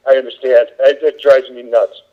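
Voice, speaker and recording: A man's voice: medium pitch, little pitch movement, normal speed, narrow, tinny audio. A man, a psychic medium guest, talking in a casual podcast chat, emphatic and easily exasperated.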